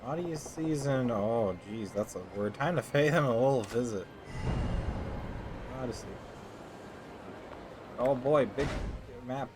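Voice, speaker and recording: A man's voice: medium pitch, measured pace, long pauses, noisy background. A man giving casual, rambling let's-play commentary, joking and swearing as he plays. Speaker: gamer. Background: game music.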